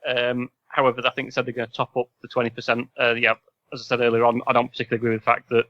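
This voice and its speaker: A man's voice: mid-range voice, fairly bright tone, no room sound. Sarcastic man hosting a quiz. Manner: sarcastic, rambling with fillers. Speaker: podcast co-host and quizmaster. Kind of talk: casual podcast chat. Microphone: video call. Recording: slightly dull call audio.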